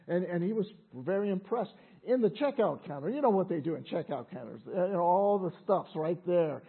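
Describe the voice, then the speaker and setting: A man's voice: high voice, animated, normal speed, hardly any pauses, breathy edge. A man preaching a sermon in a conversational way, often repeating words as he restarts. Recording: tinny phone-like sound.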